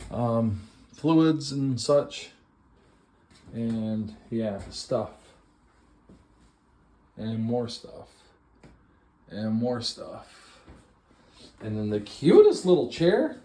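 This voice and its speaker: A man walks the viewer through a house set up for an estate sale, speaking slowly and at an average pitch for a man. His tone is playful and self-mocking, and he bursts into excited exclamations as he points things out. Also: a little hiss or hum. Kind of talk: walk-through tour narration.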